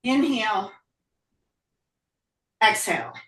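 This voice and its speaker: Yoga teacher lady, breathless, calls counts fast, sounds far off the mic in an echoey room. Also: medium pitch. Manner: brisk, energetic calling of breath counts. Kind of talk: live online yoga class cues. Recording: roomy echo, voice from a distance.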